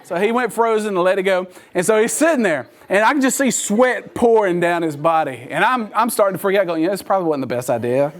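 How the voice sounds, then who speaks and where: A man's voice: high voice, expressive, fairly quick, few pauses. A man giving a sermon-style talk as a church speaker, acting out the people in his story and laughing often as he tells it.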